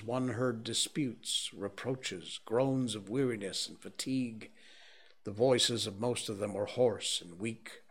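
A man reading a novel aloud as an audiobook narrator, in a slow, measured and grave way. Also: lowish voice. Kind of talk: scripted narration.

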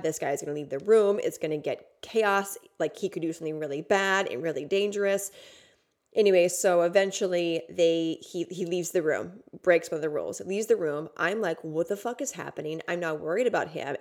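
A woman's voice: low-pitched, darkish tone. A woman podcast host telling a personal story in a casual, rambling way, with many fillers and some swearing. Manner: casual, filler-heavy, swearing, intense retelling.

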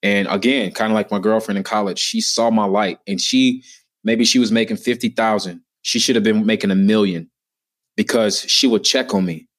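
A man's voice: on the low side, moderate pace. Earnest, emphatic man telling his story. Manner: earnest, emphatic, rising with feeling. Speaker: podcast guest. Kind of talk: heartfelt personal storytelling.

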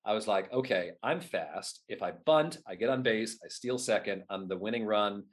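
Man, thirties, animated storyteller, low-ish voice, acts out old remarks. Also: moderate pace. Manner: animated, acts out his own past remarks. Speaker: guest, whip performer at renaissance fairs. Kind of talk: casual interview storytelling.

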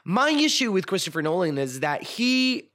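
A man's voice: high voice, sing-song, normal speed, bright, forceful tone. Hesitant, opinionated male podcast host. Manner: hesitant, many fillers and restarts; frank, opinionated. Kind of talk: casual film discussion.

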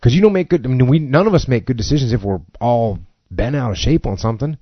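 A man's voice: mid-range voice, lively intonation, fast, husky, dry recording, muffled recording. A man hosting a podcast in casual chat, talking earnestly and laughing between thoughts.

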